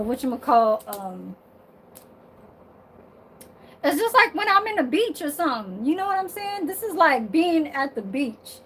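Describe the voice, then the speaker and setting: A woman's voice: high-pitched, slight background noise, rough recording. A woman vlogger chatting casually to her viewers from her bedroom, sassy and blunt, swearing freely and laughing often.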